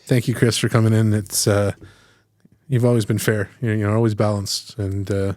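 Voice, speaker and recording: A man co-hosting a casual podcast as a local reporter, speaking in a halting, searching way. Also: fairly low pitch, flat delivery, a little mellow, no room sound, clean studio sound. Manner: halting, hesitant, searches for words. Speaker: guest co-host and local council reporter.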